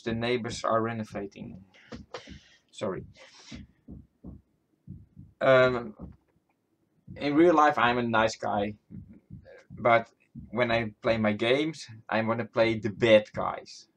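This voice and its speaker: A man's voice: medium pitch, steady tone, slow, pauses often, a bit bright. A man from the Netherlands with a Dutch accent, a non-native English speaker, giving chatty, giggly, casual commentary over gameplay at home. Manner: chatty, giggly, self-talking. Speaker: gaming YouTuber. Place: home room.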